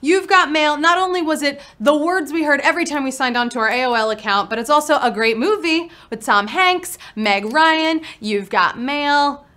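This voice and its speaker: A woman's voice: sits high, normal speed, hardly any pauses, pushed and bright. A woman hosting a live word game show, talking in a playful, upbeat patter full of puns.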